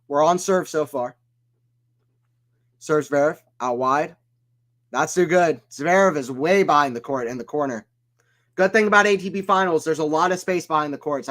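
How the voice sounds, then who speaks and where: A man's voice: fairly high pitch, a bit bright. A man from the American South with an American accent, giving casual play-by-play commentary on a live stream and chatting with viewers. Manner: chatty, reads chat aloud and drifts off topic.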